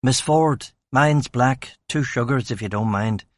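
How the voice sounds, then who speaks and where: A man's voice: mid-range voice, a little slow, no room sound, lightly acted. A man voicing a blunt, wry male police detective in an audiobook reading. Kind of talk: audiobook character voice.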